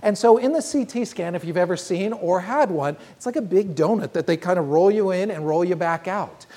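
Husky-voiced woman preaching a story. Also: on the low side, mellow. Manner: earnest, measured, slows down on key phrases. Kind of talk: sermon storytelling.

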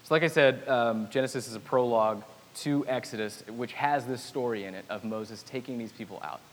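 A man preaching a sermon in a relaxed, chatty way, with self-deprecating asides and humor. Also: mid-range voice, fairly quick. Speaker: pastor. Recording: hall reverb with faint hiss.

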